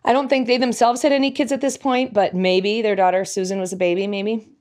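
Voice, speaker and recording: A woman's voice: mid-range voice, fairly even intonation, fairly quick, darkish tone. A middle-aged woman telling a personal story in a devotional talk. She talks in a chatty, reflective way, laughs at herself and sometimes loses her thread. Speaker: devotional speaker.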